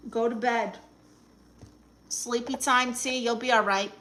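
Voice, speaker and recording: A woman doing a brassy Brooklyn aunt with a thick New York accent, sassy and quick with a comeback. Her voice sits fairly high and bright, with a bold, forceful edge. She chats into a phone live stream like a self-appointed therapist. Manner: sassy, quick comebacks, reads chat aloud. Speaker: live streamer reading viewer comments. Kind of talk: comedic improvised live stream.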